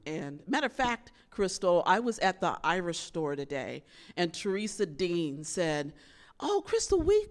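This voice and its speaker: A woman poet, telling a story to a live audience in a university theater and acting out the voices she quotes. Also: lowish voice. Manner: animated, acts out quoted voices. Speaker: visiting poet.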